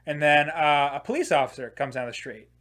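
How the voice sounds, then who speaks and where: A man's voice: on the high side, brisk, fairly bright tone. A young man in his twenties hosting a podcast, telling a long comedic story. He rambles, swears freely, leans on filler words, and laughs at his own jokes as he talks. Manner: rambling, profane, many filler "like"s. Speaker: podcast host.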